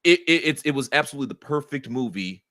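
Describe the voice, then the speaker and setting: A man's voice: mid-range voice, animated, quick pace, pushed and bright, dry recording, clean studio sound. A man hosting a casual podcast chat, telling stories in an earnest, laid-back way. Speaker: host.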